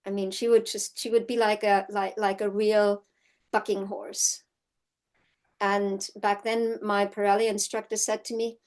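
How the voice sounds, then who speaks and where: A middle-aged woman teaching an online horsemanship course in a casual, storytelling way, often checking in with "right?" and acting out quotes in lively voices. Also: mid-range voice, a little slow. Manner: chatty storytelling, frequent "right?" tag questions; acts out quotes in animated voices. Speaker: horsemanship instructor.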